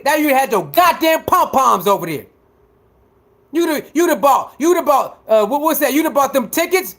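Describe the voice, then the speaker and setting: A man with a very high voice rants about sports critics, swearing freely and mocking them. He repeats the same lines over and over as his temper builds. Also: animated, normal speed, fairly bright tone. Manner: repetitive, mocking, heated. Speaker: sports commentator. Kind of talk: profane commentary rant.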